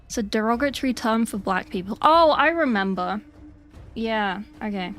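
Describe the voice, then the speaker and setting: A woman's voice: a little high, moderate pace, faint music behind. Chatty, sweary British woman streaming. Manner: chatty, sweary, deadpan joking asides. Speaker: livestreamer painting miniatures. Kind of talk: casual livestream chat reading chat messages.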